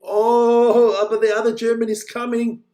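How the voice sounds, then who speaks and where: Excitable higher-voiced male race commentator. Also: unhurried. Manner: chatty, joking, excitable during races. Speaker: live watch-along commentator. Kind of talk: casual live race commentary.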